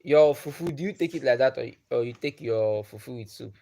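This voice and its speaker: A man's voice: mid-range voice, brisk, creaky, warm tone. A man with a Nigerian accent, chatting on a live stream and putting the same questions to his viewers again and again. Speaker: livestreamer.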